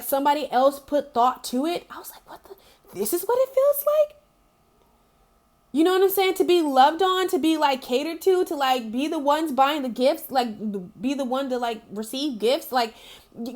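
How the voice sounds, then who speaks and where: A young woman giving a casual, heartfelt spiritual talk to her viewers, repeating herself and using lots of fillers as she speaks. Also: high-pitched. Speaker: spiritual reader. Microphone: home video recording.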